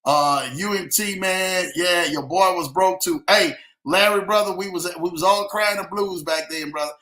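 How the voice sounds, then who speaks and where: A man's voice: sits high, moderate pace, sharp tone, echoey room. A man hosting a casual live stream, reading out viewer comments and chatting easily, laughing often and calling people man and brother. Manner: laid-back, laughing, keeps saying man and brother.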